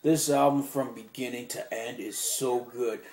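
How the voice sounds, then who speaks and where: A young man, unhurried and rambling, praises his favorite records with easy enthusiasm and the odd swear word. His voice sits in the middle range for a man. The sound carries the echo of a bare room. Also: mid-range voice, steady tone, darkish tone. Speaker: music collector vlogger. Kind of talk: casual show-and-tell.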